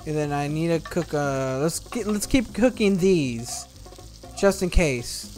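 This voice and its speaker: A man's voice: on the high side, lively intonation, unhurried, darkish tone, soft background music. A young man hosting a gaming video, playing a cooking game and teasing the game's customers in a playful way, recorded at home on a desktop microphone. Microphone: desktop USB microphone.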